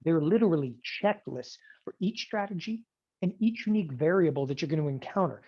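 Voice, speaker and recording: Emphatic male trading instructor, animated seminar pitch, muffled webinar audio. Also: a little fast, slightly rough. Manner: emphatic, animated, keeps asking "okay?". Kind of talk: online seminar sales pitch.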